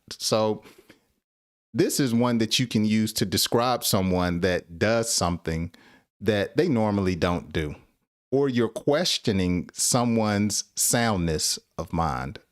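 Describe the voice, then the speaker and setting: A man teaching an English lesson on a live stream. He laughs often and acts out example dialogues in a slightly higher voice. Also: dry recording, studio quality.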